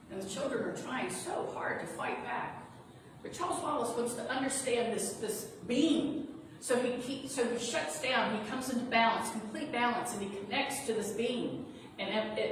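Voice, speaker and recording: A woman reverend giving a sermon, retelling a story in an earnest, reassuring way. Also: mid-range voice. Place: sanctuary of a spiritual center. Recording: echoey hall from far off, noisy.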